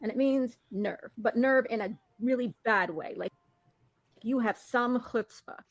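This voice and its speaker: A woman's voice: a little high, unhurried, dry recording. A woman giving pointed, critical commentary on a clip. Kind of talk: commentary on clips.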